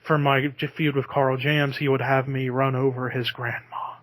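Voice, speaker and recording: A man's voice: mid-range voice, flat delivery, normal speed, a bit bright, no echo. A man hosting a podcast in casual chat, talking easily and breaking into laughter. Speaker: podcast host.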